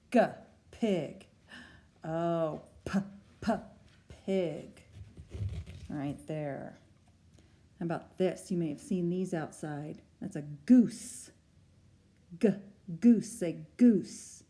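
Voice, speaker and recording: A woman teacher leads a phonics lesson for young children, patiently sounding out letters and words. Her voice is on the low side with a dark tone.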